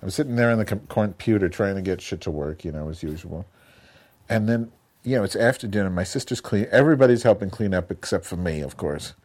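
A man's voice: deep voice, animated, a little fast, darkish tone. A man co-hosting a casual chat show, telling long rambling stories full of profanity and self-mockery. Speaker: podcast co-host.

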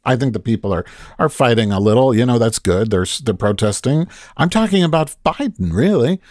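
A man's voice: mid-range voice, animated, fairly quick, darkish tone, no room sound. Brief: podcast co-host, male, fired up and swearing, dry close mic. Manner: heated, profane political rant. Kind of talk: casual podcast chat.

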